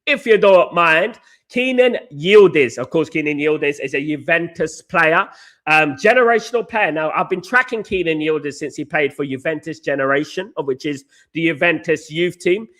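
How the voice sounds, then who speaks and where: A man hosting a casual football live stream, reading out viewer comments and chatting through transfer news, his voice a little hoarse. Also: a little high, normal speed, bright, forceful tone. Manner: chatty, repeats "of course, guys", greets chat viewers by name. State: slightly hoarse. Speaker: football podcast host. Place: hotel or flat in Naples, indoors.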